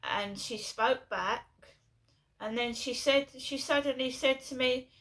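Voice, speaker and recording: A middle-aged woman from England rambles through a personal story, repeating herself and restarting her sentences. Her voice is bright and sits somewhat high. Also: takes it slowly. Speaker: vlogger.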